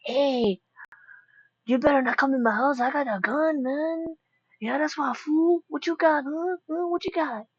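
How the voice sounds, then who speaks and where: A woman voicing a macho, threatening father with a gun, taunting and shouty. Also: high voice, measured pace, dry recording, dull audio, pitched above the performer's own voice. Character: tough-talking armed father, macho and threatening.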